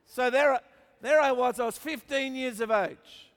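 A middle-aged man with an Australian accent, preaching a sermon as an animated storyteller who jokes with his congregation. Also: very high voice, moderate pace. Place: large church auditorium. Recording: long hall reverb.

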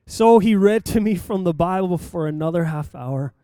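An older man preaching, telling a personal story in a lively anecdotal way with acted-out quotes. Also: high-pitched, normal speed, clean tone, no room sound, studio quality. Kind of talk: sermon storytelling.

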